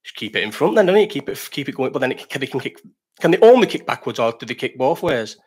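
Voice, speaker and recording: A man's voice: medium pitch, sing-song, quick pace, a little mellow, breathy edge. A man hosting a casual live stream, reading chat questions, rambling, swearing and laughing.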